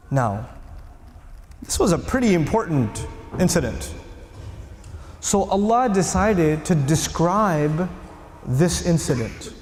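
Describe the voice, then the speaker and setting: A man giving an animated religious lecture. He asks the audience questions and acts out quotes as he tells a story. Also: a little high, slow pace, long pauses, echoey room, in a large hall, slight background noise.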